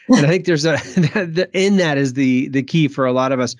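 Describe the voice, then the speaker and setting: A man's voice: mid-range voice, normal speed, dry recording. Reflective man in a dry podcast interview. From Maine, US. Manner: reflective, with frequent restarts and small laughs. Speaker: author and guest.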